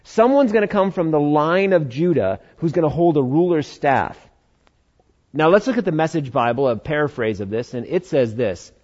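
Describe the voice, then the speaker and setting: A man's voice: a little high, expressive, moderate pace, darkish tone, lo-fi sound. A man preaching a conversational sermon, acting out Bible dialogue in changing voices. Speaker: pastor.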